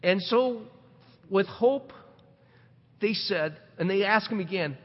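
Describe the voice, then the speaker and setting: A middle-aged man preaches with a high voice that rises and falls widely. He asks rhetorical questions and repeats words as he presses his points. The sound is dull and carries a long hall reverb. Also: animated, moderate pace. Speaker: pastor. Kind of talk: sermon.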